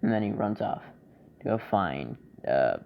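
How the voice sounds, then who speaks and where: A man casually retelling a fan story, rambling and halting as he searches for words, on a dull lo-fi recording. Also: low voice, very animated, gravelly, slight background noise.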